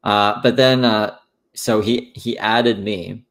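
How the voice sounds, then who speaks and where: A man's voice: fairly low pitch, steady tone, slow pace. A man streamer recounting online drama in casual, rambling commentary, swearing freely.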